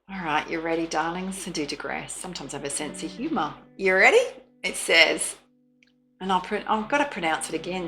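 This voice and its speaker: Australian woman, tarot reader, bright gravelly voice, faint guitar behind. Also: lowish voice. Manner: chatty, soothing, laughs often. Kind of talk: casual tarot reading.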